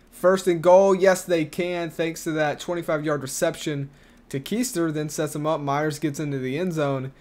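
A man hosting a gaming channel, giving casual play-by-play commentary over a football video game, talking quickly with fillers and restarts. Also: a little high. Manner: quick play-by-play with filler words and self-corrections.

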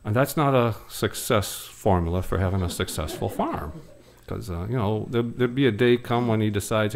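A man from Michigan doing wry, rambling comedic stage patter between songs, with many hesitant pauses. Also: on the low side, creaky. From Michigan, USA. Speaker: singer-comedian. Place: live stage before an audience.

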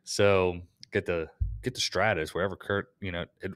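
Low-voiced American man telling shop stories. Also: steady tone, moderate pace, fairly bright tone, dry recording. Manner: storytelling, swears freely. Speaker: podcast co-host, HVAC technician. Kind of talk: casual chat.

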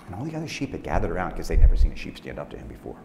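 A man, a pastor, telling a story and talking to fellow pastors in an animated way. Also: deep voice, rapid-fire, creaky. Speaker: pastor, conference speaker. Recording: echoey hall, faint background noise.

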